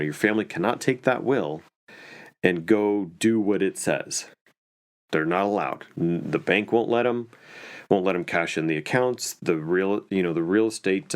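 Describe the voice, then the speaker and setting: Low-voiced chatty lawyer, a man. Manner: chatty, many fillers and restarts. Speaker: estate planning and probate attorney. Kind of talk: casual storytelling talk.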